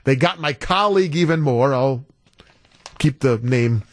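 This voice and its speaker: A man's voice: medium pitch, expressive, a little slow, no room sound. A man guest-hosting a talk radio show, telling a story in a wry, incredulous way. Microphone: studio broadcast mic.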